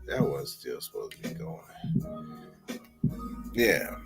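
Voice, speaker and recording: A man's voice: fairly low pitch, very animated, slow, pauses often, over music. A man hosting his own podcast, telling stories in a loose, playful, slangy way. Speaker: podcast host. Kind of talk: casual solo podcast monologue.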